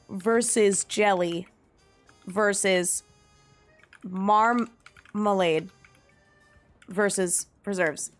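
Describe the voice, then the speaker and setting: This young woman streamer has a medium-pitched, fairly bright voice. She's chatty and musing in a casual live stream, reading search results aloud and laughing a lot.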